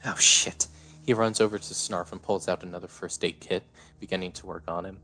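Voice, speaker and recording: A man's voice: deep voice, fairly even intonation, fast, faint music behind, low-quality recording. A man narrating a story live, plain and matter-of-fact, with occasional "uh" fillers.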